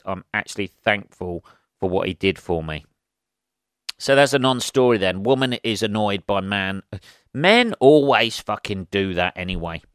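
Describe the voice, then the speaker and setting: A man's voice: fairly low pitch, a bit bright, clean tone, no echo, studio quality. Crude, rambling man. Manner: crude, rambling, laughs at his own jokes. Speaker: podcast host. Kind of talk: solo comedy podcast monologue.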